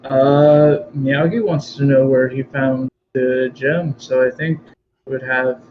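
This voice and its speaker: A man's voice: medium pitch, steady tone, slow, slight background noise. Playful male player, dull lo-fi sound. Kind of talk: casual tabletop play.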